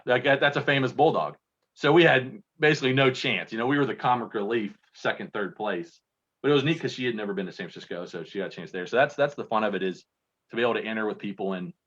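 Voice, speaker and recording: The Kentucky man here has a lowish, husky voice with a bit of brightness. Interviewed as a contest entrant over a video call, he talks casually and spins rambling stories at his own expense, all in dull lo-fi audio.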